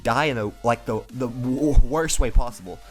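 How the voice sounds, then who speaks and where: A man's voice: mid-range voice, moderate pace, soft background music. A young man telling a crude, rambling comedic story full of swearing, restarts and asides.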